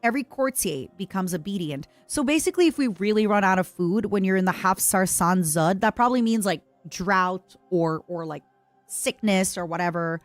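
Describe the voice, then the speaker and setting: A young woman chats and reads on-screen text into a close microphone while she streams a strategy game. Her voice leaps up and down with lively, playful swings, and the sound is dry with no room around it. A little music plays softly underneath. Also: medium pitch, normal speed, no room sound. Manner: eats and talks with mouth full, reads game text aloud. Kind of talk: casual gameplay commentary.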